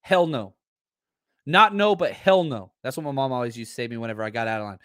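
A man hosting a casual live sports talk stream, brash and animated, talking straight to his viewers and reading their comments. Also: mid-range voice, fast talker, clear, resonant tone, dry recording, studio quality. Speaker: sports talk show host.

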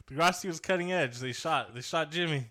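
A man's voice: on the high side, sharp tone. A man in his twenties co-hosting a podcast, chatting casually, laughing and joking. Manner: laughing, joking, does voices for quotes. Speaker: podcast co-host. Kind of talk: casual chat.

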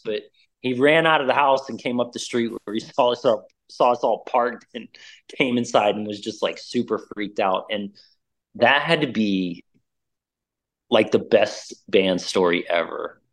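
A middle-aged man with a somewhat low voice tells a story in loose, casual chat. He is animated and full of "like" and "dude," and he acts out the voices of the people in it. The sound is plain. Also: unhurried. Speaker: interview guest, musician.

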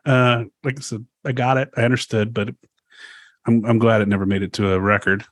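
Podcast co-host, forties, animated storyteller who curses and acts out quotes, dry close sound. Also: male voice, fairly low pitch, moderate pace, no echo. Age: 40s. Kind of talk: casual chat.

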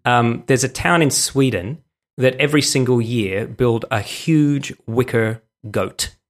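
A man's voice: medium pitch, a little slow. A man co-hosting a podcast in casual chat, joking dryly and swearing freely. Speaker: podcast co-host.

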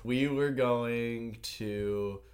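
A man's voice: medium pitch, steady tone, extremely slow, a little mellow. A man co-hosting a casual podcast, joking and laughing often as he tells a rambling personal story. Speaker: podcast co-host. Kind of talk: casual chat. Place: New York.

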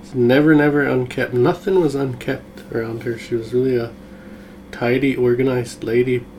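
A man hosting a podcast, chatting in a relaxed, reminiscing way. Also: medium pitch, normal speed, slight background noise, low-quality recording. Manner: relaxed, reminiscing, backchannels often. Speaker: podcast host. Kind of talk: casual conversation.

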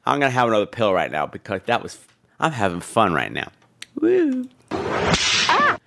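A man hosting a podcast, giving a campy, profane and animated comedic film review. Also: on the low side, fast talker, vocal fry, heavy background noise. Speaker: podcast host.

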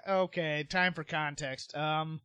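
A man's voice: a little high, fairly even intonation, slow, sharp tone. A man hosting a podcast, telling stories casually and laughing often. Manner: chatty storyteller, laughs often, frequent restarts. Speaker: podcast host. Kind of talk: casual chat.

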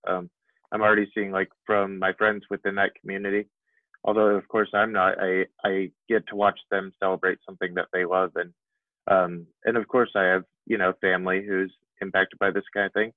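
A low-voiced man co-hosting a podcast, chatting casually and rambling with plenty of fillers. His voice comes through a tinny, phone-like line with a dry sound. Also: level tone, fairly quick, no room sound. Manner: rambling, filler-heavy, laughs often. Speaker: podcast co-host. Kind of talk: casual chat.

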